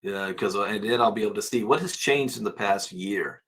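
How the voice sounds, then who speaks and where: A man hosting a crypto channel, casually reading out prices and headlines and musing aloud with quick asides. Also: on the low side, a bit bright, slightly rough.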